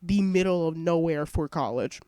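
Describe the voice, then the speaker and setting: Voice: mid-range voice, moderate pace, a little mellow, clear, resonant tone, no room sound. A young adult college student vlogging from home on a headset mic, rambling casually with lots of fillers and a stuffy, sniffly nose. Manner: rambling, heavy on fillers, self-interrupting. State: congested and sniffling. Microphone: headset microphone.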